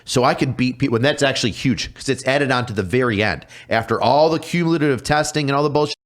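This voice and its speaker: A man, a police officer guest on a podcast, telling stories casually with lots of swearing and quick impressions of other people. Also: medium pitch. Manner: profane, animated, mimics people in his stories. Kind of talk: casual storytelling.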